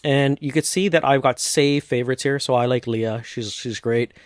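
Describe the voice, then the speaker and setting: A man from North America casually walking through a software tutorial step by step, with frequent restarts. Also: medium pitch, normal speed, dry recording, studio quality. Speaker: tutorial host. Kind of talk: screen-recorded software tutorial.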